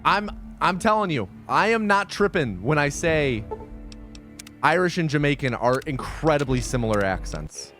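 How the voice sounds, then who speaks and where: A man's voice: on the high side, sing-song, normal speed, a bit bright, faint music behind. A male streamer in casual livestream chat, rambling and insistent, repeating himself as he makes his points.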